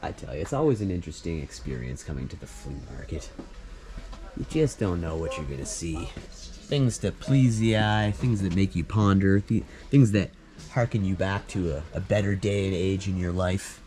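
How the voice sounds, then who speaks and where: Deep-voiced man musing through a flea market. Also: lively intonation, moderate pace, a little mellow. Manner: musing, easygoing, chatty. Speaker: vlogger. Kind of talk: casual walkthrough narration. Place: indoor flea market warehouse. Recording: music playing behind. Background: music playing in the store.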